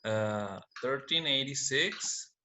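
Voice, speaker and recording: Male student, halting classroom reading, stumbles over words, bright voice. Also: medium pitch, animated, soft background music. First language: Spanish.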